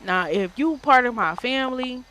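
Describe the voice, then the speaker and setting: A woman streamer telling a casual story time in an animated, slangy, profane way. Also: a little high, moderate pace, slight background noise.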